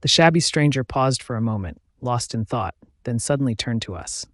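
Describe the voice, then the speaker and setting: A man narrating a classic novel as an audiobook, in a clear, expressive storytelling manner. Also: medium pitch, moderate pace, hardly any pauses, dry recording, studio quality.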